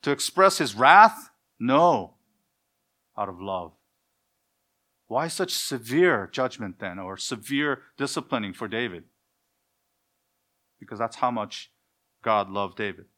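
Guy preaching a sermon, bright punchy voice, asks questions then answers them. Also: mid-range voice, animated, slow pace, long pauses. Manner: acts out dialogues between parent and child. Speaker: pastor.

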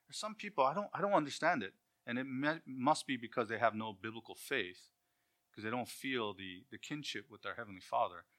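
A man's voice: medium pitch, expressive, a little fast, a bit bright. A man preaching a sermon in a conversational way, with rhetorical questions and acted-out quotes.

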